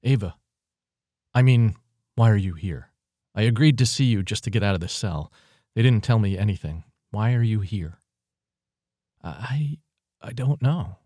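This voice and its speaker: A man's voice: on the low side, animated, measured pace, long pauses, dark tone, no echo, studio quality. A man reading a story aloud, voicing a nervous young woman who speaks hesitantly and pleadingly.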